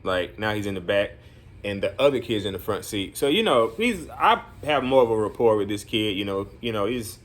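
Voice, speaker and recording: A man's voice: on the low side, animated, normal speed. A man working as a group home counselor, telling a story in casual vlog talk, rambling with many fillers and earnest, encouraging asides.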